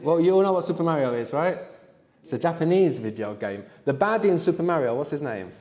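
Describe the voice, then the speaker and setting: A man's voice: a little high, lively intonation, darkish tone. Man teaching a class in a reverberant room. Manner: explains slowly, prompts students to answer. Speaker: language teacher. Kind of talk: live language workshop. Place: room with students.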